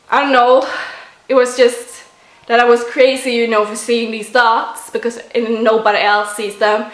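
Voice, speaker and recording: A woman's voice: medium pitch, fairly bright tone. A woman in her twenties with a Swedish accent, talking to camera in a casual, chatty way full of fillers. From Sweden. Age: 20s. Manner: chatty, many fillers like "like" and "you know". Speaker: vlogger. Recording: roomy echo.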